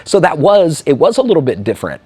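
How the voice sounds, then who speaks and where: An American man from Illinois giving an animated, fast-talking interview, telling stories with quoted dialogue. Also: a little high, husky, no room sound. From Illinois, USA. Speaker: interview guest, expat. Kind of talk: casual interview talk.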